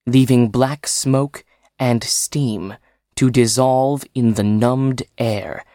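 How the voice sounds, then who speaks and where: A man narrating a story at a very unhurried pace, dwelling on each short phrase. His voice sits in the middle range and is recorded close in a dry space with no reverb. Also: medium pitch, steady tone, warm tone. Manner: slow, dramatic, phrase by phrase.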